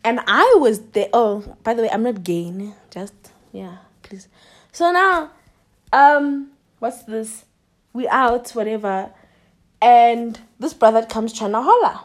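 A woman's voice: fairly high pitch, expressive, normal speed. A young woman hosting a podcast, ranting in a casual, sassy way with laughter and mocking impressions. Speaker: podcast host. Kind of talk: casual monologue.

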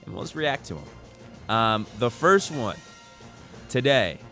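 A man's voice: mid-range voice, sing-song, slow, a bit bright, soft background music. A young man co-hosting a podcast, rambling and joking in casual chat and laughing often. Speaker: podcast co-host.

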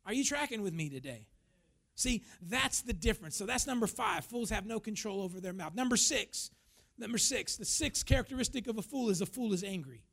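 Gravelly high-pitched male pastor preaching. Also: expressive, a little fast, a bit bright. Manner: emphatic preaching, acts out quoted voices. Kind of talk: sermon.

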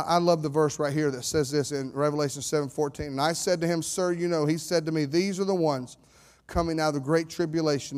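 Man, pastor, high-pitched, fiery preaching that drops to calm reading. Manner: swings from shouted declarations to low, steady scripture reading. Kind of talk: sermon.

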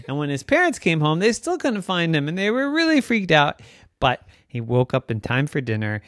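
A man spins an improvised bedtime story in a playful, animated way. His voice sits a little high and swings widely in pitch. The recording is close and dry. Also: moderate pace, no echo.

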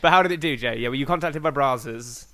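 A British man co-hosting a podcast, trading improvised comic banter with quick sarcastic interjections. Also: mid-range voice, a bit bright, no room sound. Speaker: podcast co-host.

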